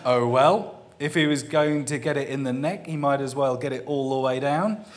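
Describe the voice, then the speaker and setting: A man's voice: medium pitch, normal speed, lightly acted. A man voicing an exasperated, no-nonsense male city watch commander who talks bluntly and chuckles through his lines. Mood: wry.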